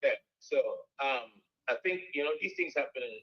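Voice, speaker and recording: A man's voice: medium pitch, moderate pace, lo-fi sound. A man calling in to a football talk show, speaking hesitantly as he breaks down a play. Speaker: caller. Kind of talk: casual football analysis chat.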